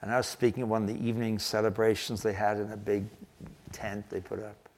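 An older man preaching a sermon, telling a story earnestly and slowing down to stress key phrases. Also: fairly low pitch, flat delivery, darkish tone. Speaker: pastor.

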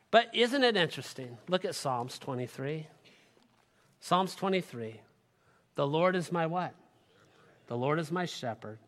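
Male pastor, sermon, dynamic delivery from loud to hushed; bright forceful tone, long hall reverb. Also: fairly high pitch, lively intonation, measured pace, pauses often.

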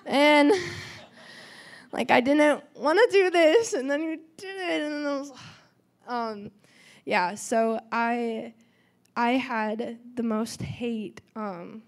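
A teenage girl giving a church testimony in a chatty way, full of "um" and "like," acting out quoted dialogue. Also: a little high. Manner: chatty, lots of "um" and "like", acts out quotes. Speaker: youth testimony speaker.

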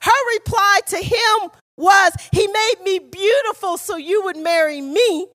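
A middle-aged woman preaching in a church with a very high voice. She tells stories and often rises into passionate shouting. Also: measured pace. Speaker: guest preacher. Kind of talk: sermon. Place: church sanctuary.

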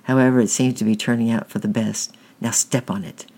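A man's voice: medium pitch, fairly even intonation, brisk, dark tone, natural voice. A man voicing a harsh, impatient stepfather who barks orders at a boy. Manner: barking, bossy.

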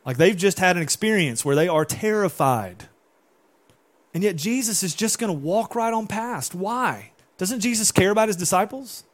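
A man preaching with lively, animated energy, his voice sitting a little higher than most men's. He keeps turning questions back to his congregation as he teaches. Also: moderate pace. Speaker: pastor. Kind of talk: sermon.

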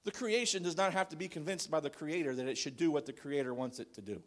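With a high-leaning voice and a quick delivery, a male preacher alternates dramatically between loud pronouncements and soft, confessional remarks during his sermon.

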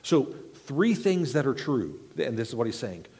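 Male preacher, sermon, husky voice, lively rising and falling pitch, reverberant hall. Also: normal speed. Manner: expressive, questioning, explains verse by verse.

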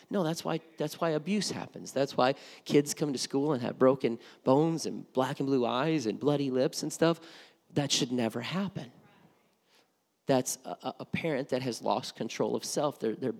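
A man's voice: mid-range voice, gravelly, darkish tone. A middle-aged man preaching a sermon as pastor, conversational and often repeating words as he starts a thought. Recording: long reverb of a hall.

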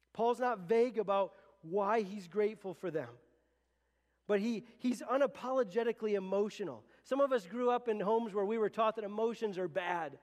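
A man with a notably high-pitched voice preaches to his congregation in an earnest, conversational way, often circling back and restarting his phrases. His voice carries with a long reverb from the church hall around him. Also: a little mellow. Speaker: pastor. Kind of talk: sermon. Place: church sanctuary.

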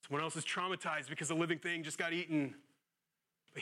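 Male pastor with a somewhat high voice, earnest sermon delivery that swings between loud exclamations and quiet, low-voiced reflection. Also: steady tone, a little fast.

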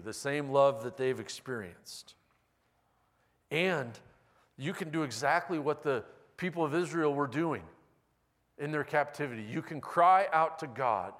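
A man's voice: medium pitch, a bit bright. A male pastor giving a conversational sermon with wry, self-deprecating humor. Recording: long reverb of a large hall.

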